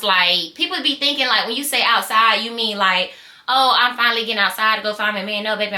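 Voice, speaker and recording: A Southern woman with a bright, sharp, forceful voice pitched a little high tells a casual storytime. She is lively and full of slang, and she acts out the people she quotes. The room around her sounds echoey. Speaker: storytime vlogger.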